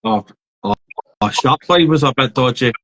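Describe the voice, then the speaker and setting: A man's voice: medium pitch, normal speed, a little hiss or hum, low-quality recording. A man co-hosts a casual podcast. He rambles through his stories, repeating himself as he goes. His voice sits mid-range. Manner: rambling, animated storyteller. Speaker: podcast co-host. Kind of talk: casual chat.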